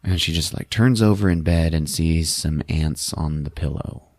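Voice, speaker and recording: A man hosting a podcast who recaps a movie in an animated, profane, casual way on a close mic. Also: a bass voice, moderate pace, dry recording. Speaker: podcast host.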